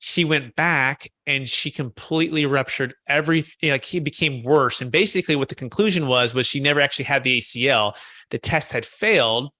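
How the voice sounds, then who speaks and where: A man hosting a podcast conversation, telling stories in an animated way and acting out the voices he quotes. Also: mid-range voice, a little fast, no echo. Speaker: host.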